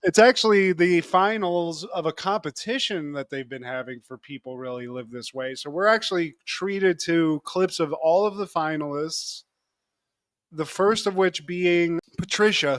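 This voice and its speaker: A man's voice: sits high, moderate pace, no room sound. A man co-hosting a podcast, chatting casually and playfully acting out comedy sketch lines. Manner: animated, jokey, acts out sketch lines. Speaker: podcast co-host.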